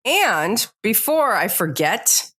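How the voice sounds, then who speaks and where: A woman's voice: mid-range voice, big pitch swings, takes it slowly, a bit bright, husky. A woman co-hosting a podcast in casual, chatty talk, laughing off her own slips. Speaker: podcast co-host.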